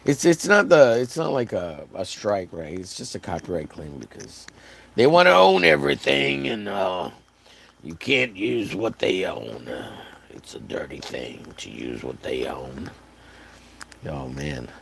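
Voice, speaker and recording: A man from Texas talks loosely to his live stream chat, rambling and cracking jokes. His voice is hoarse and gravelly, and it swings widely up and down as he riffs. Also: deep voice, animated, measured pace, a bit bright. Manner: joking, rambling, riffs on catchphrases. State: hoarse, voice wearing out.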